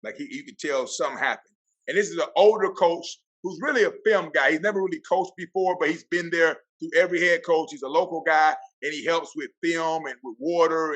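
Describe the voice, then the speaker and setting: High, bright-voiced storyteller man. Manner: lively, acts out quotes. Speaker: athletic director, podcast guest. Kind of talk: animated storytelling.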